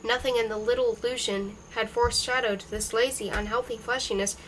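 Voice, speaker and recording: A woman's voice: on the high side, fairly even intonation, fairly quick, a bit bright, slight background noise, low-quality recording. Woman reading a novel aloud. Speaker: reader.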